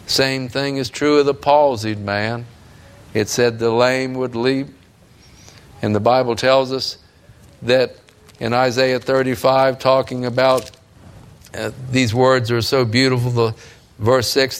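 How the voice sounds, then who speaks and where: A man's voice: mid-range voice, level tone, unhurried, clean tone. A man preaching a sermon in a fervent, emphatic way that builds in intensity.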